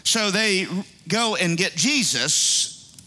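Bright high-voiced male preacher. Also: lively intonation, slow. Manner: conversational, calls out to the congregation. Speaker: pastor. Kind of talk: sermon.

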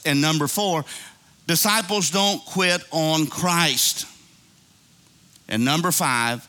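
Bright-voiced man preaching a folksy sermon. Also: a little high. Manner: preaching with call-and-response and playful asides, acting out prayers; folksy colloquial speech. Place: church sanctuary.

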